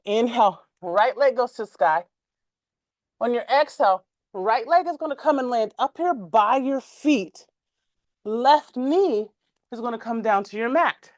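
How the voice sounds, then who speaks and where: A woman teaching a yoga class, giving calm, measured cues timed to the breath and stretching out repeated words. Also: fairly high pitch, no room sound. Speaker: yoga instructor.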